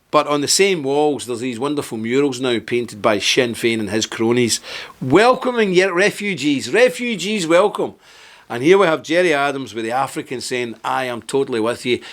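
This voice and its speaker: A man's voice: medium pitch, a bit bright. A man hosting a political commentary monologue, talking in an indignant, emphatic way and firing off rhetorical questions. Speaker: host.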